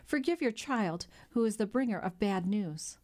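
A woman voicing a tearful young daughter in an audiobook, pitching up into a pleading tone. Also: lively intonation, moderate pace, warm tone, lightly acted. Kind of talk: audiobook character voice.

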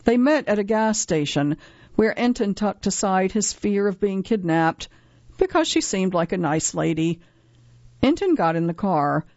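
A woman with a medium-pitched voice reads a news feature from a script in a measured, even way. The recording is dry, without echo, and a little dull.

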